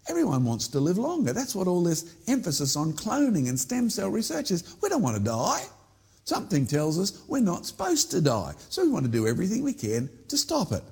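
Aussie guy explaining stuff to the camera, voice jumps up and down a lot, kinda husky. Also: high-pitched, fairly quick. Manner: lively storytelling with questions to the viewer. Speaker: creationist presenter. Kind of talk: informal outdoor teaching talk.

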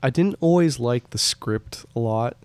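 A man's voice: medium pitch, expressive, a little slow, darkish tone, smooth, no room sound. A young man casually discussing a film, easygoing and agreeable with frequent ums. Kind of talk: casual film review chat.

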